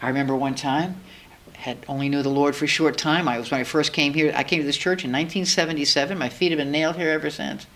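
A woman's voice: low-pitched, steady tone, fast, fairly bright tone. Earnest woman in her sixties preaching. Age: 60s. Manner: earnest, acts out her talks with God. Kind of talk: sermon. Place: church.

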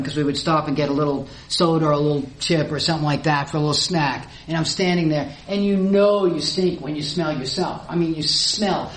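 Animated woman telling a testimony, roomy echo. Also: deep voice. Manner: animated storyteller who acts out her own past dialogue. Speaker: church speaker giving a testimony. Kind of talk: personal testimony. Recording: roomy echo, faint background noise.

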